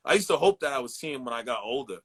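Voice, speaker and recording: A man in his forties, a podcast guest, telling casual, profane stories about his childhood. He tells them with animated impressions. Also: medium pitch, very fast, husky. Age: 40s. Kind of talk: casual storytelling chat.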